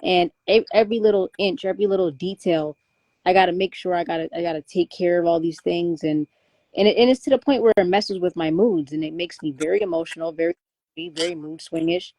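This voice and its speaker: Warm, candid young woman rambling. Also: fairly low pitch, brisk, no echo. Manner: candid, rambling with many restarts and fillers. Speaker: guest. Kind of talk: casual conversation.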